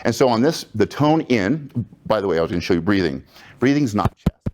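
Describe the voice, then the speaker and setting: A man with a lowish voice leads a roomful of people through a guided breathing exercise. He keeps it casual and upbeat, chatting with his listeners between the calm breathing cues. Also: brisk, noisy background. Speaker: breathing workshop leader. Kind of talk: guided breathing instruction to a live group. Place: room with about twenty-five people.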